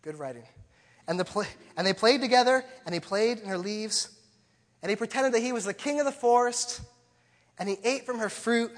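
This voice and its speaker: Earnest high-voiced preacher in a big hall. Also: male voice. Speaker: pastor. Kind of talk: sermon.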